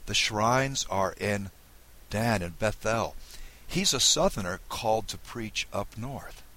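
A man from the Southern United States giving a recorded Bible lesson, explaining with lively emphasis. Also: on the low side, slow, rough recording. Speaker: Bible teacher.

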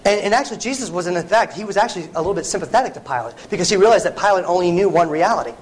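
A man with a high voice preaches a sermon to a congregation. He talks earnestly and conversationally, restarting phrases and dropping in asides as he goes. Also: lively intonation, racing, slight background noise, poor audio.

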